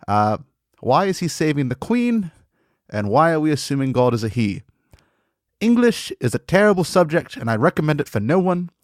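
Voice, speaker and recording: A man's voice: on the high side, very animated, moderate pace, dry recording, studio quality. Rambling man in a fake British accent. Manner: rambling, absurd, mock-formal. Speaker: comedy podcast host. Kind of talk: rambling comedic monologue.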